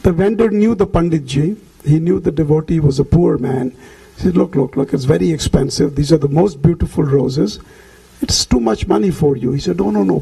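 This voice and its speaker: A man's voice: on the high side, vocal fry, dark tone, husky, poor audio. A man telling a devotional story in a talk, acting out the characters' lines as he goes. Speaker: temple speaker.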